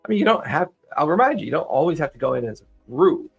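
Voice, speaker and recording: Husky guy running a tabletop game, laid-back narration, trips over words. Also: on the high side, faint music behind. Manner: relaxed, halting narration with repeats. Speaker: game master.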